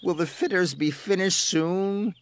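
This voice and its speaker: Edward, a man doing a high eager little engine. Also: very animated, takes it slowly, gravelly, pushed and bright, breathy edge, exaggerated voice. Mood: pleading. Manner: pleading, earnest.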